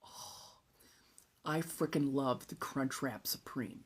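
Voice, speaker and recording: A young woman from Southern California hosting an ASMR and tarot live stream from a phone. She chats casually, swears now and then and slips into soft whispered asides. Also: very deep voice, slow pace, breathy edge.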